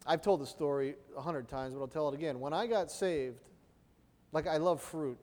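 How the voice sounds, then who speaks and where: A man with a high voice preaches in an easy, conversational way and keeps asking his listeners "right?". His voice carries a long reverb, as if he is speaking in a large hall. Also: normal speed, darkish tone. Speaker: pastor. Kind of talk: sermon.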